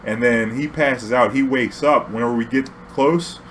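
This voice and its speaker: A man's voice: medium pitch, moderate pace, a bit bright, slight background noise. A young man, a taxi driver, telling a casual story in a rambling, profane way and laughing often.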